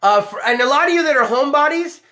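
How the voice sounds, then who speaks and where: A man's voice: very high voice, animated, fast, sharp tone. A man hosting a live-streamed show, talking in a loose, tipsy, heavily profane way. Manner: rowdy, tipsy, swears a lot. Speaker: podcast host.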